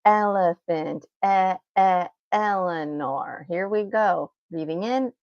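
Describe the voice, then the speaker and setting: A voice and breathing teacher leads an unscripted guided vocal exercise, drawing out vowel sounds while encouraging her students and laughing often. Her voice is on the low side and slow, and the audio is dull with no echo.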